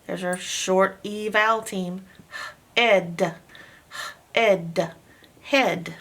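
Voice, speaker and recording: A woman teaching a phonics lesson, slowly sounding out words and letters, with patient praise. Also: mid-range voice, steady tone, a bit bright.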